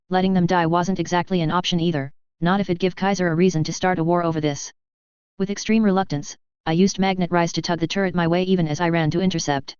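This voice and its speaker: A woman reading a first-person fan fiction story aloud in a steady narrating voice. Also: lowish voice, clean tone, no room sound. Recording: dull lo-fi dry recording.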